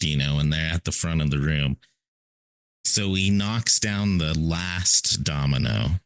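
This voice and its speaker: A man's voice: sits low, measured pace, fairly bright tone, dry recording. A man co-hosting a podcast in casual, rambling philosophical chat, often checking in with "right?". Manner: rambling, emphatic, repeats "right?". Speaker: podcast co-host.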